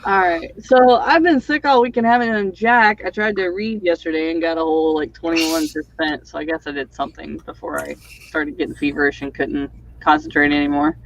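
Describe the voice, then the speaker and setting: A woman's voice: low-pitched, fairly even intonation, brisk, muffled recording. A woman hosting a writing livestream, chatting casually and rambling with lots of fillers over a video call. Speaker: livestream host and author.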